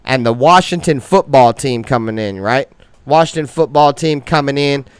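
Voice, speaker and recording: A man hosts a fan sports show, hurling cocky, expletive-laden trash talk full of slang, and his voice turns loud and high-pitched when he gets fired up. He talks at a normal speed with a clean tone and no room sound.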